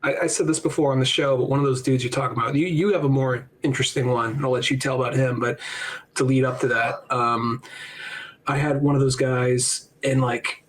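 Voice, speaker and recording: A man's voice: medium pitch, steady tone, a little fast, a bit bright, poor audio. A man co-hosting a casual podcast, telling stories in a profane way with frequent restarts. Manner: profane storytelling with restarts and laughs. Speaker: podcast co-host.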